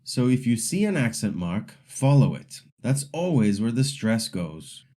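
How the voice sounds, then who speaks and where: A man narrating a scripted language lesson as the teacher, explaining rules patiently and slowly modeling example words for the listener to repeat. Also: medium pitch, sing-song, mellow.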